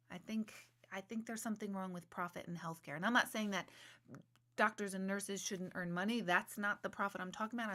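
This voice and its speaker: A woman's voice: medium pitch, fairly bright tone. Middle-aged woman, live-stream host; candid, rambling talk, curses in rants. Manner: candid, rambling, swears when ranting. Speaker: livestream host, intuitive reader. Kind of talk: casual live-stream talk, reading viewer comments.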